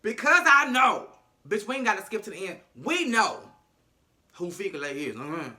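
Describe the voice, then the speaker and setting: A man's voice: high voice, sing-song, normal speed, sharp tone. A man recapping a TV episode in a casual, sassy, profane and dramatic way. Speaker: show recapper.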